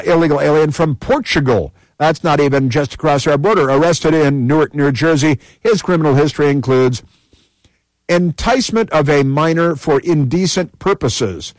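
A man's voice: on the high side, moderate pace, no room sound. A man reading out a list and adding emphatic commentary, often repeating phrases for effect.

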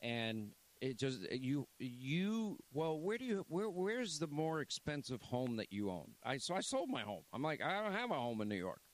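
A man's voice: medium pitch, big pitch swings, normal speed, hardly any pauses. A man hosting a talk radio show, rambling and blunt, reading an ad and chatting casually. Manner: rambling, blunt, repeats himself.

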